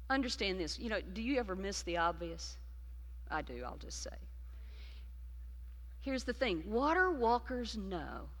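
Woman, preacher, bright tone, sermon, long church-hall reverb. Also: on the high side. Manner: dynamic, shifts between loud emphasis and hushed intimacy.

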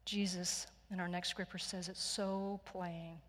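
A Texan woman delivers a sermon in an earnest, gentle storytelling voice, sometimes sinking to a near whisper. Her voice rings through a church hall with a long echo. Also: fairly low pitch, flat delivery, measured pace, few pauses. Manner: gentle, earnest storytelling with soft hushed passages. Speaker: pastor. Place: church sanctuary.

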